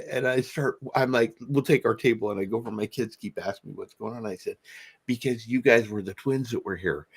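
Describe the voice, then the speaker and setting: A man's voice: medium pitch, fairly even intonation, normal speed. A middle-aged man co-hosting a podcast, telling a rambling story in casual chat and acting out the voices of the people in it. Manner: rambling, restarts and acts out quotes. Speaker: podcast co-host.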